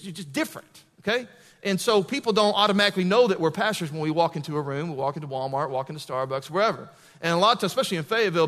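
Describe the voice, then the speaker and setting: High-voiced conversational male preacher. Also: fairly bright tone, big-room sound. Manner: conversational preaching, building to emphatic peaks. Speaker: pastor. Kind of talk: sermon.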